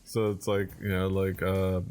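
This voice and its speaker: A man's voice: low voice, monotone, moderate pace, darkish tone, faint music behind. A man co-hosting a casual podcast, opening baseball card packs in an easygoing way, laughing often and trailing off mid-thought. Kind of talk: casual chat.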